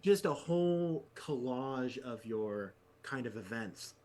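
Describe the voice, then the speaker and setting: A man's voice: medium pitch, lively intonation, slow pace, darkish tone, slight background noise. A man narrating a tabletop game as game master, with a rambling way of talking full of fillers.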